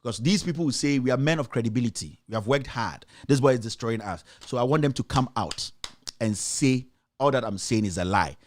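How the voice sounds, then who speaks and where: Ghanaian guy ranting on his show, accusing everyone, fast rhetorical questions, voice jumping all over. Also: medium pitch, expressive, slight background noise. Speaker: journalist and show host. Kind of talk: heated political commentary.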